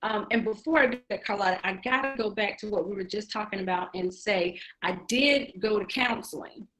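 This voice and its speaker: A woman's voice: medium pitch, a little fast, a bit bright, low-quality recording. A woman in her forties, a guest in a casual interview, talking candidly and laughing often. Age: 40s. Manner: candid, laughs often, repeats "really and truly".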